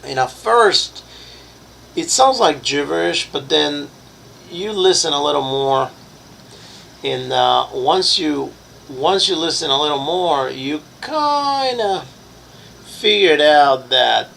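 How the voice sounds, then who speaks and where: A man narrating a tabletop horror game as game master, halting and searching for words with many fillers. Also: a little high, expressive, vocal fry, bright, forceful tone, a little hiss or hum, poor audio.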